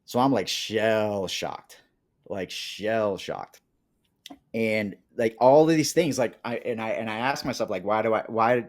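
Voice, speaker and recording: A man from Colombia with a fairly low voice talks through his past as a podcast guest. He is animated and slips into the voices of people he quotes. The tone is casual and conversational. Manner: animated, acts out quoted dialogue. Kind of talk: casual interview storytelling.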